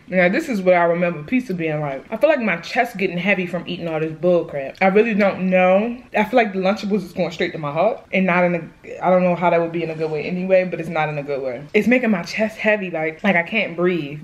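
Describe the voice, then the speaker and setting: A woman's voice: lowish voice, fast, dull audio. A woman in her twenties chatting sassily to viewers in a casual food vlog. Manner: sassy, chatty, addresses viewers as y'all and boo. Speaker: vlogger.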